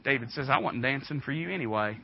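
A man preaching a sermon, telling folksy stories and building up to loud, fervent preaching. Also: mid-range voice, lively intonation, quick pace, vocal fry, muffled recording, slight background noise.

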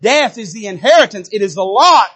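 A pastor preaching a fervent sermon in a church, addressing his congregation directly and rising and falling sharply in pitch and loudness. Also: lively intonation, brisk, breathy edge. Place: church sanctuary.

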